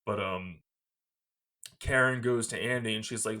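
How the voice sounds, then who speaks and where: A man's voice: on the low side, a little slow, pauses often. Laughing man recapping a movie. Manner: animated, laughs often while retelling. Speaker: podcast host.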